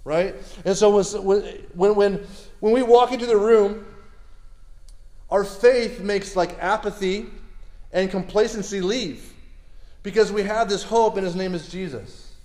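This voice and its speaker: A man preaching a sermon in a lively, conversational way, repeating words and asking the crowd questions. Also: high voice, a little slow, roomy sound.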